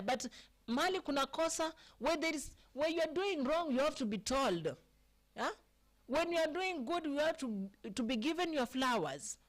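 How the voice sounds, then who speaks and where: Kenyan woman, live stream host, casual chat, talks to viewers, slightly high voice. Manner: chatty, talks to viewers by name, asks "eh?" often. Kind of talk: casual live chat mixing English and Swahili.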